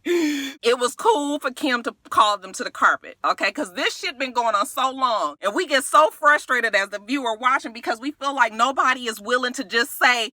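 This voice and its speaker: A woman giving a casual, profane recap of a reality TV episode, animated and quick, acting out the cast's lines with big jumps in pitch. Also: no echo, studio quality.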